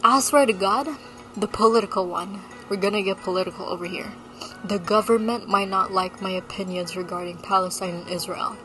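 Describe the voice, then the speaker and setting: A woman's voice: medium pitch, a little fast, music in the background, low-quality recording. A woman with an American accent, a touch of Malaysian in it, talking in a blunt, sarcastic, ranting vlog style and swearing freely. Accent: American with a slight Malaysian tinge. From Philippines. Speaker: vlogger. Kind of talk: casual talking-head vlog.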